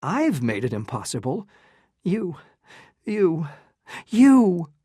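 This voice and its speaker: Storybook heroine, read aloud by a narrator as a proud, heartbroken young woman pleading with her lover; keep it slow and close. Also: low-pitched, expressive, warm tone, no echo, voice pushed up, exaggerated voice. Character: proud, wounded young countess in love.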